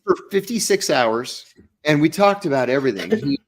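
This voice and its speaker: A man's voice: on the high side, lively intonation, normal speed. A man, an interview guest, telling a story in vivid first person and acting out the dialogue.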